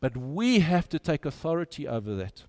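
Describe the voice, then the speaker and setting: A man preaching a sermon, moving between loud urging and quiet, soft drops. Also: on the high side, big pitch swings, moderate pace.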